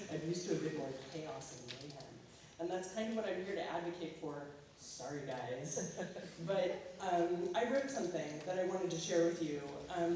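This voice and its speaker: Casual American woman speaker, halting delivery; distant mic, very echoey school hall. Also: deep voice, noisy background. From California. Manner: casual, halting, filler-heavy. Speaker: guest speaker, artist. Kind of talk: school talk.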